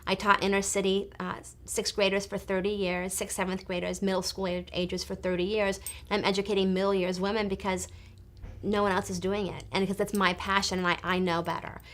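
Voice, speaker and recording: Brief: woman in her fifties, clinic owner, chatty enthusiastic storyteller, mid-pitched voice. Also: level tone, a little fast, a bit bright. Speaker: hormone therapy clinic owner and educator. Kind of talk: direct-to-camera talk.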